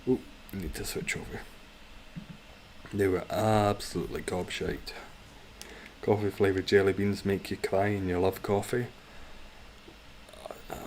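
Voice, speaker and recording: A man's voice: fairly low pitch, a little hiss or hum. A man streaming a game live, chatting casually with viewers, reacting and swearing freely.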